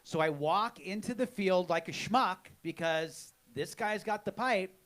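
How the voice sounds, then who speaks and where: A man's voice: high-pitched, expressive, measured pace, fairly bright tone. Frank self-mocking male podcast host. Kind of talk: live storytelling chat. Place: live show before an audience.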